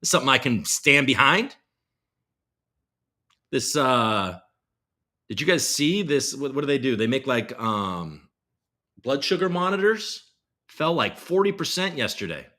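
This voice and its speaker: A man's voice: medium pitch, sing-song, measured pace, long pauses, bright, forceful tone. A man hosting a casual live stream, reading headlines aloud and reacting with profane, rambling commentary. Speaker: crypto show host.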